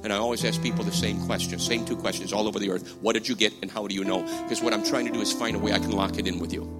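A man preaching a sermon, swinging from hushed, slow passages to loud, emphatic ones. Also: lowish voice, steady tone. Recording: music playing behind voice.

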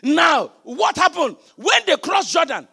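A man preaching a sermon. He keeps asking the congregation questions and often breaks into shouted emphasis. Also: very high-pitched, big pitch swings, unhurried, vocal fry.

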